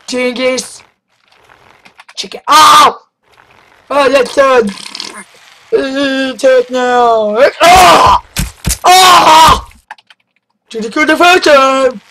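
A young man commenting on his own gameplay, loud and excitable with frequent yelling outbursts. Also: very high voice, extremely slow, pauses often. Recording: noisy home mic.

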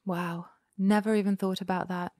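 A woman guest performer chatting casually in an interview, animated and playful. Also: medium pitch, moderate pace, no room sound, clean studio sound. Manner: animated, playful, breaks into character voices.

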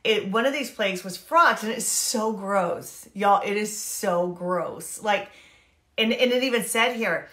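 A woman giving a casual, animated Bible talk, chatty and acting out characters in quick asides. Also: medium pitch, roomy sound. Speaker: Bible teacher and life coach. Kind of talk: casual Bible teaching to camera.

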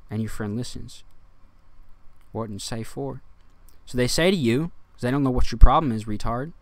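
A man's voice: medium pitch, moderate pace, no echo. Rambling, ranting man, dry close sound. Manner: rambling, ranting, volume swings from loud to quiet. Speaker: vlogger. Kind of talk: rambling monologue to camera.

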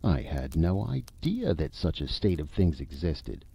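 A man's voice: extremely low pitch, big pitch swings, unhurried, creaky, warm tone, breathy edge, exaggerated voice. A man voicing an earnest, curious young man in love in a story reading. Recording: dull lo-fi recording.

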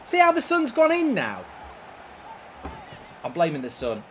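A man streaming a football video game, cursing the match as it unfolds and snapping back at viewer comments. His voice sits high and swings widely in pitch. Faint background noise runs underneath. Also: wildly swooping pitch, unhurried, a bit bright. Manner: ranting, swearing, exasperated at the game; reads and answers viewer chat. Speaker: gaming streamer.

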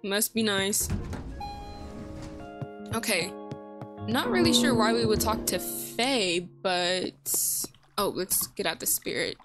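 Give me a chatty, giggly young woman doing let's play commentary, with soft game music underneath. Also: mid-range voice, lively intonation, takes it slowly, long pauses. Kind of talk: casual gameplay commentary.

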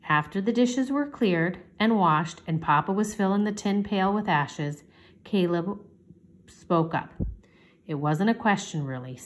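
A woman reads a chapter book aloud in a gentle storytime manner. Her voice sits on the lower side, and she lifts it brightly whenever a child speaks in the story. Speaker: teacher reading aloud.

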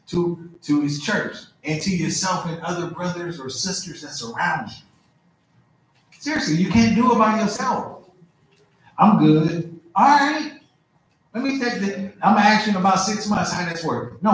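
A middle-aged male pastor preaching in a lively, conversational way with humor. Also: high voice, a little hiss or hum. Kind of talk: sermon. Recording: echoey church hall.

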